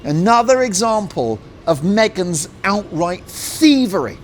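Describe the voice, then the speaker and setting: Animated, mocking male talk show host. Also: sits high, a little slow, slight background noise. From Britain. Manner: animated, mocking, swings into jokey put-on voices. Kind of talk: opinionated talk show monologue.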